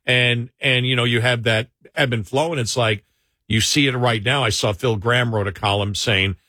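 Guy hosting political talk, bright sharp voice, dry close sound, a bit sarcastic. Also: mid-range voice, steady tone, normal speed, no echo. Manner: sarcastic, conversational, self-correcting. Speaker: talk show host.

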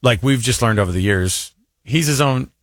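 A man in his forties co-hosts a radio show, rambling through stories in casual chat and acting out other people's voices with animated flair. His medium-pitched voice moves at a moderate pace, and the studio sound is clean, with no echo.

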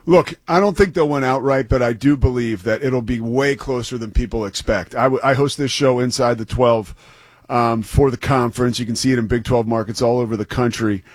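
A sports broadcaster serving as a guest analyst chats loosely and enthusiastically about a football game, restarting a few sentences. His voice is mid-range and fairly quick, recorded in a clean studio with no room sound.

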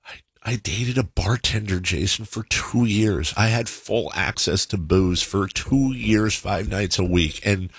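A man's voice: lowish voice, a little slow, slightly rough, no echo. A man hosting a podcast, telling a story in a rambling, casual way, often stopping to correct himself. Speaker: podcast host.

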